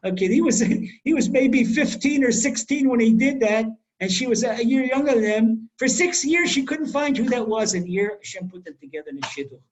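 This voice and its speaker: A middle-aged man giving a Torah class, telling stories in a lively way and acting out the quoted speech. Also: extremely high pitch, fairly quick, hardly any pauses, rough recording. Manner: animated storyteller, acts out quoted speech. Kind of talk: storytelling Torah lecture. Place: home in Israel.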